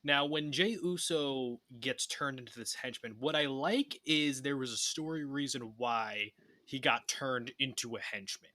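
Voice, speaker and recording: Bright-voiced man rambling on a podcast. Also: mid-range voice, measured pace, dry recording. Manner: relaxed, rambling, many fillers like "like". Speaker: podcast guest. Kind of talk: casual podcast chat.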